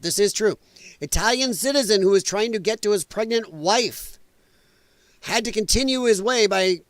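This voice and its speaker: A high-pitched American man hosts a political podcast, delivering blunt, indignant, opinionated livestream commentary and swearing freely. His tone is fairly bright and the recording is dry.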